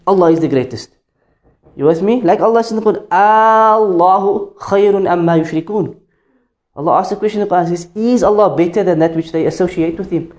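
A man's voice: on the high side, mellow. A man teaching a class on the rules of prayer, explaining step by step and often checking that students follow. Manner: demonstrates chanted phrases. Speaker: Islamic teacher.

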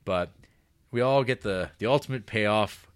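A man's voice: fairly low pitch, measured pace, clear, resonant tone, dry recording. A man co-hosting a casual film podcast, talking loosely with lots of fillers and swearing. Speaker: podcast co-host.

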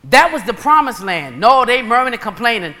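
Woman preacher, animated storyteller acting out dialogue, bright tone, long hall reverb. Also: on the high side, brisk. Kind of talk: sermon.

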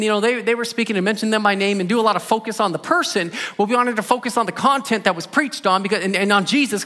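A man's voice: high voice, pushed and bright, in a large hall. A man preaching a sermon as pastor, telling stories in a conversational way and rising in emphasis on key points.

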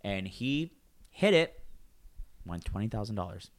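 A man with a fairly low voice speaks at a measured pace, telling a long work story in casual conversation. His storytelling is animated, full of swearing and acted-out lines from his coworkers.

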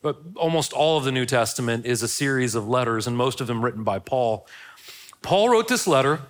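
A man's voice: mid-range voice, animated, brisk. A middle-aged man, a pastor opening his sermon with a chatty, self-deprecating story before moving into the teaching.

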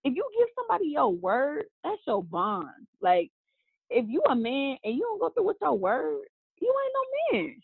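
A woman co-hosting a podcast in casual, animated chat, gushing and swearing freely. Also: high-pitched, moderate pace, gravelly, no echo. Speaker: podcast co-host. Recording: tinny phone-like line.

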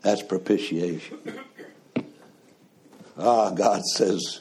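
A man preaching a sermon in a slow, conversational way, often asking the congregation questions. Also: a little high, lively intonation, darkish tone, slight background noise.

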